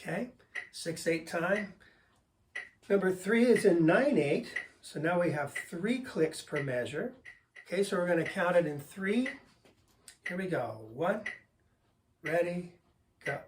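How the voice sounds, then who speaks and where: A man's voice: high voice, measured pace. Older man teaching drums, counting beats. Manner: patient, counts beats aloud, steady teaching tone. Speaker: drum teacher. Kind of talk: instructional explanation. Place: drum studio. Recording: voice a bit far from the mic, faint noise.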